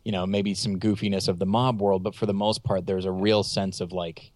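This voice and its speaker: A man's voice: low-pitched, level tone, brisk, a little mellow, dry recording. A man chatting casually about films, rambling and correcting himself, with joking asides. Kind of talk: casual film chat.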